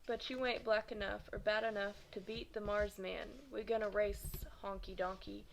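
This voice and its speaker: A woman voicing a boastful, tough teenage boy who taunts his rival in a storybook reading, with a slightly gravelly edge. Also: medium pitch, little pitch movement, moderate pace, slight background noise, lightly acted. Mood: taunting. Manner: swaggering, taunting.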